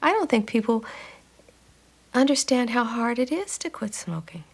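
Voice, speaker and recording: A woman's voice: a little high, big pitch swings, normal speed, a little hiss or hum. A woman speaks frankly in a documentary interview about being a smoker. Her delivery is direct and plain.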